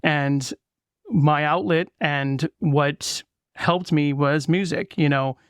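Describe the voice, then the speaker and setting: Man in his 30s, podcast host, sincere, smooth resonant voice, dry sound. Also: on the high side, slow, no echo. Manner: sincere and warm, fan-like. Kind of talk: interview.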